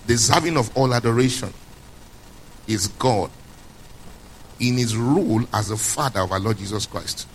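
Male pastor preaching, hammers points home and repeats them, keeps checking "you understand?", mid-pitched, faint hum behind. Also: normal speed, long pauses, poor audio. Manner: emphatic, repeats key points, quizzes listeners. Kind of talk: sermon.

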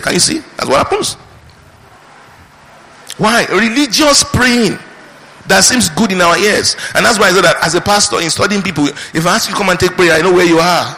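A man pastor preaching a sermon with lively rhetorical questions. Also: sits high. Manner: animated preaching with mimicked prayers and rhetorical questions. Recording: reverberant hall.

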